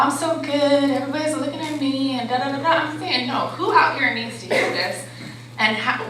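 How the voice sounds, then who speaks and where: A woman's voice: high voice, sharp tone. A woman life coach giving a motivational talk to a live audience. She speaks conversationally and keeps checking in with the crowd. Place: conference hall. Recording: very echoey hall with faint background noise.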